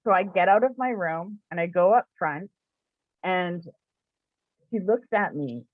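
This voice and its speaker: A woman's voice: lowish voice, lively intonation, a little slow, dry recording. Chatty woman with thin phone-like sound. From Canada, New Brunswick area. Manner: chatty, many "like" fillers, laughs often. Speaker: spiritual shop owner and teacher. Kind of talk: personal storytelling. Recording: dry, phone-like narrow sound.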